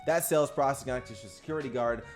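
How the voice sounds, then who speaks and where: Guy coaching on a livestream, pumped up, talks right to the viewers, music low in back. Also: very fast. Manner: energetic, chatty, addresses viewers directly. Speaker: business coach. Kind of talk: live-streamed coaching talk.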